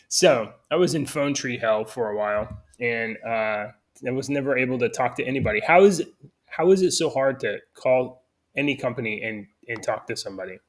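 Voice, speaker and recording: A man's voice: medium pitch, moderate pace. A man co-hosting a casual chat show, rambling and complaining in an exasperated way. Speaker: podcast co-host.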